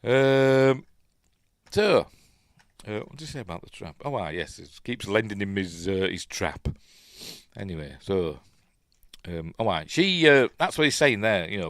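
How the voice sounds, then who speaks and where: A film review host with a Yorkshire accent chats casually about a film while watching it, rambling with lots of ums and restarts. His voice sits on the low side and is animated, at a moderate pace. He acts out characters' lines in quotes, recorded studio-clean with no echo.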